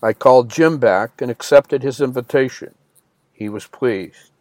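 A man's voice: mid-range voice, a little slow, darkish tone, no echo. A man reading a first-person story as an audiobook narrator, in a plain storytelling manner that lifts slightly for quoted lines.

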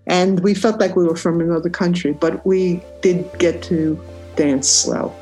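A woman's voice: on the low side, fairly even intonation, a little slow, dark tone, soft background music. Older lady from new york telling her story, reflective, lots of "you know". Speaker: interviewee. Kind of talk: personal storytelling.

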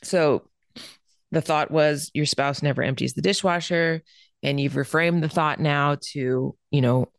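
A woman's voice: deep voice, unhurried, dry recording, clean studio sound. A woman hosting a self-help podcast, talking listeners through changing their habits in an earnest, encouraging way. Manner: emphatic repetition for stress. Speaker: podcast host.

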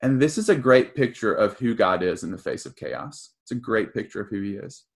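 A man's voice: fairly low pitch, animated, fairly quick, creaky. A young man preaching a conversational sermon as pastor, casual and earnest, with frequent ums and restarts.

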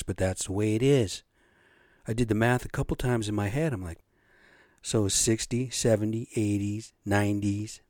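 Fifties guy rambling and cussing on his podcast, lowish voice, dry close sound. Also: darkish tone, no room sound. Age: 50s. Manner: rambling, profane, blunt. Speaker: podcast host. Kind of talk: casual monologue.

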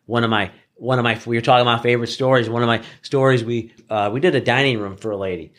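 A man's voice: medium pitch, fairly even intonation, quick pace, fairly bright tone. Middle-aged guy telling job stories, earnest and plain, keeps restarting his sentences. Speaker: flooring contractor guest. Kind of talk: casual storytelling.

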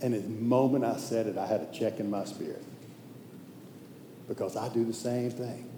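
A man preaching a sermon in a conversational, emphatic way that sometimes drops to a hushed intensity. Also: on the low side, steady tone, normal speed. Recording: echoey hall with faint noise.

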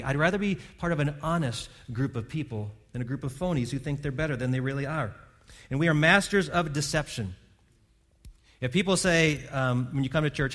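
A man's voice: a little high, a little fast, a bit bright. A man preaching a sermon from a church stage, earnest and conversational, often restarting his words. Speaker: pastor. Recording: long hall reverb.

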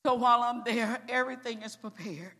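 An older woman preaching a testimony, telling her story dramatically and building to emphatic, shouted declarations. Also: on the high side, brisk. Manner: dramatic storytelling, acting out each person in turn. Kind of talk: sermon testimony.

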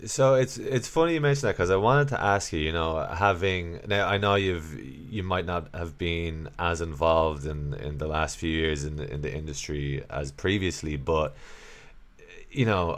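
A man with a low voice hosts a podcast interview. He asks long questions that wander and restart before they reach the point. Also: a bit bright. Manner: rambling, halting questions. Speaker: podcast host.

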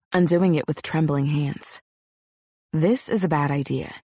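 A woman voicing a young man, a tender and eager lover, with a husky, hushed voice in an audiobook. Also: low voice, no room sound, studio quality. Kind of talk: audiobook character voice.

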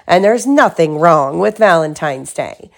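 Woman doing calm kindly mama bear. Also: on the low side, unhurried, gravelly. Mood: gentle. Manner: soothing, reasonable. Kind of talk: children's storybook read-aloud.

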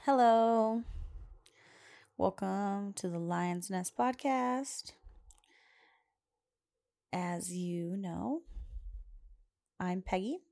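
A woman's voice: medium pitch, extremely slow, creaky, pauses often, mellow, no room sound. A young woman hosting a podcast in a casual, rambling chat, often laughing as she talks. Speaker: podcast host.

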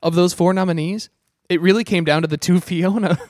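A man's voice: high-pitched, fairly even intonation, brisk, darkish tone, no echo, clean studio sound. A man co-hosting a podcast in casual chat, joking and swearing freely. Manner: joking, swears often, crude banter. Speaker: podcast co-host. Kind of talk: casual chat, reading lyrics aloud.

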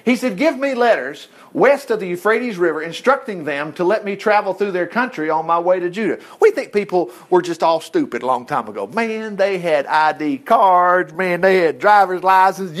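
A man's voice: high-pitched, moderate pace, few pauses. A man preaching a conversational sermon in a folksy way, breaking off to act out the scripture dialogue. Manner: folksy, animated, self-interrupting, acting out scripture dialogue.

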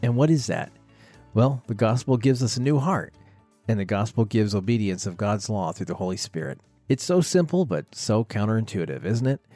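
A man's voice: fairly low pitch, expressive, moderate pace, no echo. A man reading a scripted introduction for a radio sermon program. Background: soft music bed.

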